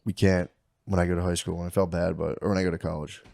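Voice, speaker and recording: A man's voice: low voice, little pitch movement, quick pace, gravelly, warm tone. A man co-hosting a podcast in loose, profane casual chat, laughing often. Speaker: podcast co-host.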